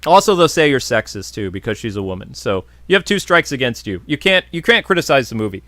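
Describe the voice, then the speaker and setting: A man's voice: mid-range voice, sing-song, fast talker, a bit bright, dry recording. A man hosting a podcast, casually answering viewer questions in a blunt, jokey, opinionated way. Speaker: podcast host.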